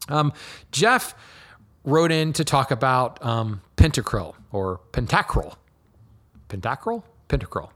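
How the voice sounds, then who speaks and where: A man hosting a show, answering listener questions in a relaxed, explanatory way with frequent ums and restarts. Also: medium pitch, slow. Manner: relaxed, many ums and restarts, laughs lightly. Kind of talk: casual explanatory talk.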